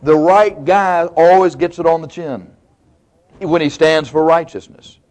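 A man preaches in a folksy, colloquial style, acting out old stories with drama. His voice sits somewhat high for a man. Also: measured pace, darkish tone. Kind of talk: sermon, storytelling.

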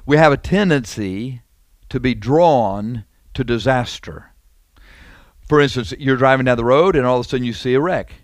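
A man's voice: mid-range voice, moderate pace, no echo. A man preaching a sermon in a conversational, emphatic way, repeating phrases and asking the listeners questions.

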